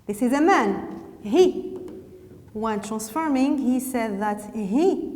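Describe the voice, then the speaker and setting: A woman with a Moroccan accent teaching English grammar to a class. She talks slowly and deliberately, repeats words and slips into French now and then. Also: a little high, expressive, a little mellow, in a large hall.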